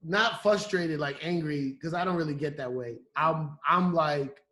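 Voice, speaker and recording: A man guest on a podcast telling a story in a casual, animated way, acting out what people said. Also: on the high side, unhurried. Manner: animated, acting out quotes with restarts. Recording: roomy echo.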